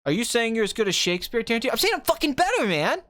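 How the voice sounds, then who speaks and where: A man doing a comedic impression of a cocky film director, ranting fast and swearing, swinging from quiet musing to loud excitement. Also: very high-pitched, dry recording, pitched above the performer's own voice, exaggerated voice. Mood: preachy.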